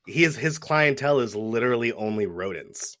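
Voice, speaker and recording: A man's voice: mid-range voice, animated, a little fast, a bit bright, no room sound, clean studio sound. A man co-hosting a casual movie-review podcast, easygoing and recounting favorite scenes with laughter. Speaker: podcast co-host.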